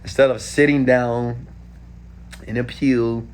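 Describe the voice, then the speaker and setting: A man in his thirties from Houston, Texas, answering viewer questions in a casual live stream, animated and talking straight to viewers. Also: medium pitch, normal speed. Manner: animated, talks straight to viewers with frequent "okay?".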